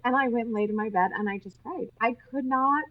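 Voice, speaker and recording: A woman from Utah, a nurse, telling animated stories as a podcast guest, often laughing and acting out what people said. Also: a little high, brisk, phone-quality sound. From Utah, USA. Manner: animated, laughing, acts out quoted speech. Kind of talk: casual interview storytelling.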